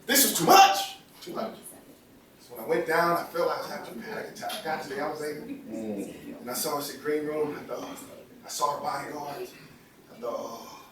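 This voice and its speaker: A man telling an emotional personal story to a live audience at a home, excited and stammering at times. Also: on the high side, quick pace, a crowd in the background. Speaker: storyteller and speaker. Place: home, indoors. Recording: echoey room, distant mic, audience. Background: audience laughing.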